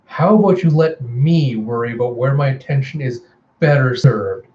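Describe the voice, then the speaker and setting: A man's voice: mid-range voice, moderate pace, reverberant, muffled recording, a little hiss or hum, lightly acted. A man voicing a commanding, ruthless vampire queen in a cold, imperious tone.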